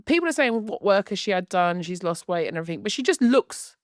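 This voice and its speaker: A woman co-hosting a podcast, chatting in a gushing, animated way. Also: medium pitch, fast, no echo, studio quality. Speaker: podcast co-host. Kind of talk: casual chat.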